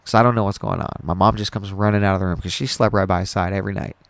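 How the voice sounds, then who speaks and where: Young guy, low gravelly voice, rambly and sweary, retelling something rough, dry close sound. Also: fairly even intonation, rapid-fire, dry recording. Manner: rambling, profane and emotional, with many restarts. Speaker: podcast host. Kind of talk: casual personal storytelling.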